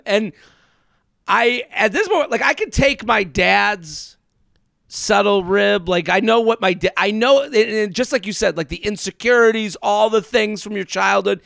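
A man co-hosting a podcast from home, telling animated stories and acting out the people in them. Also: high-pitched, a little slow, gravelly, no echo, studio quality. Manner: animated storyteller, acts out quotes. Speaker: podcast co-host. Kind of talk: casual chat. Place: parents' pool house. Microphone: remote recording.

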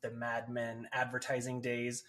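A man talking as a podcast guest and author, explaining his ideas in a relaxed way, often saying "like" and "right?". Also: mid-range voice, measured pace. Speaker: guest, author and agency founder. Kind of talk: casual interview chat.

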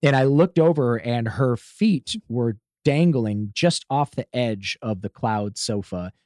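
Male guest, mid-pitch, storyteller, swears freely, dry close mic. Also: expressive, slow, no echo. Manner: swears freely, acts out shouted quotes. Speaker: podcast guest. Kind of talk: animated storytelling.

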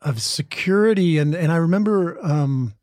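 Middle-aged guy chatting in an interview, easygoing, keeps restarting his sentences, bit higher voice. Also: normal speed, no room sound, studio quality. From American Midwest. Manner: relaxed, rambling storyteller with many restarts. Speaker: interview guest, actor. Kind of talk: casual interview chat.

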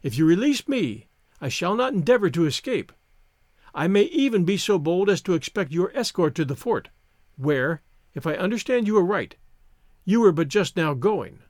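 A proud young woman spy, scornful and defiant, as a male audiobook reader puts her on. Her lines come in a high, lively voice. The sound is dry and close. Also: normal speed, no room sound. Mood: cool. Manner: scornful, indignant. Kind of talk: audiobook reading.

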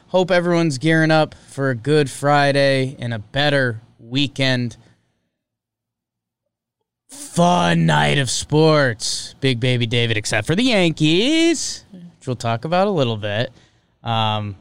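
Chatty sports-stream host, smooth dry voice. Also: male voice, on the high side, measured pace, no room sound. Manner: chatty, joking, energetic with sudden loud bursts. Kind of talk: casual sports talk livestream.

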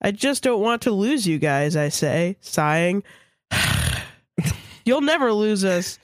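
A woman's voice: mid-range voice, expressive, slow, dry recording, studio quality. A woman co-hosting a podcast, reading a story aloud with casual, crude asides. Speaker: podcast co-host.

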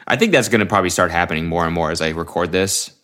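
Chill young guy with a low voice rambling solo on his podcast, jokey and self-mocking. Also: rapid-fire, a bit bright. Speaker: podcast host. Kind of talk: casual solo podcast chat. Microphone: headphones on, studio mic.

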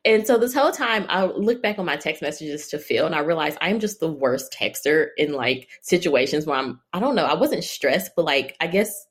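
A woman tells a personal story in a relaxed, chatty way, her pitch swinging up and down. She laughs often and slips into short impressions of the people she quotes. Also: moderate pace, few pauses. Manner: laughs often, animated in retelling; acts out other people's lines.

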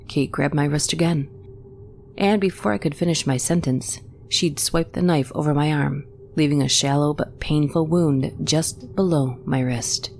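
A woman reading a first-person horror story in a steady, measured way. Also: low-pitched, a little hiss or hum. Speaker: story narrator.

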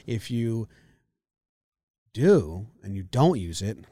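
A man's voice: fairly low pitch, very animated, slow pace, mellow, no room sound. A man co-hosting a sports podcast, talking in a dry, sarcastic way and joking through his ad reads. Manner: dry, sarcastic, repeats jokes. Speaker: podcast co-host. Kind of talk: casual sports chat.

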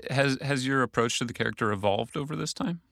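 A man's voice: mid-range voice, fast, creaky, fairly bright tone, dry recording, studio quality. A man interviewing a guest, asking brief, direct questions.

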